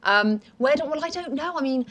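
A woman's voice: sits high, lively intonation, brisk, crowd noise. An English woman chatting as a guest on a show, laughing often and playing herself down. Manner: laughing, self-deprecating. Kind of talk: casual chat.

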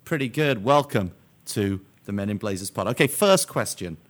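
A man's voice: lowish voice, lively intonation, moderate pace. A man hosting a podcast, reading listener mail in a dry, wry way and often laughing. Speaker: podcast host.

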